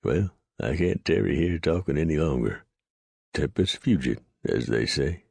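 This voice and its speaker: A man voicing a cool, unhurried Texan gunman with a mocking drawl in an audiobook reading. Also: a bass voice, animated, gravelly, a little mellow, husky, no echo, full character voice. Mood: cold. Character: cold, calm Texan gunman, smug and unhurried.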